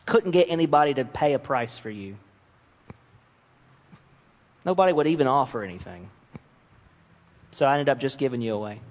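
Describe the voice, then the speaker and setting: In a big, echoing room, a man with a mid-range voice preaches a sermon. He's animated, acting out the voices in the scriptures he reads, from mocking nations to God himself.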